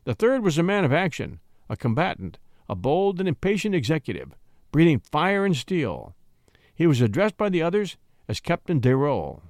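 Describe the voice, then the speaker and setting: Expressive male storyteller, very lively delivery. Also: fairly high pitch, normal speed, no echo, clean studio sound. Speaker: narrator. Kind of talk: audiobook reading of a classic story.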